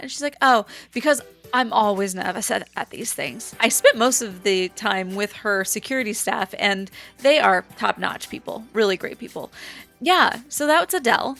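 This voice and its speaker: Chatty woman with a gravelly edge. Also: medium pitch. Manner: chatty, animated, acts out quotes. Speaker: vlogger. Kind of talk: casual storytelling to camera.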